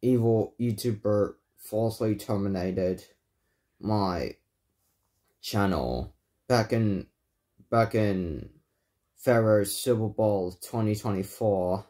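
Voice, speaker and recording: A man ranting angrily in a vlog, swearing often and repeating himself in halting bursts. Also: lowish voice, dark tone. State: angry. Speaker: YouTuber. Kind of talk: angry vlog rant.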